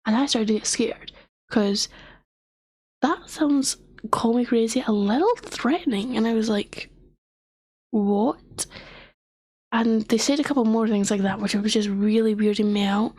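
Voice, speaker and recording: A young woman streams while telling a story in casual chat, her voice on the high side and worn from a sore throat. She speaks at a moderate pace with no room sound, animated but often dropping to a whisper.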